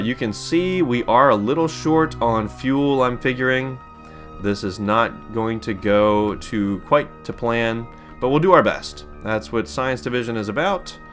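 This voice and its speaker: Faint music plays as a Pittsburgh man hosts a let's play, casually and cheerfully rambling through commentary on his space game playthrough. He has a mid-range, slightly bright voice.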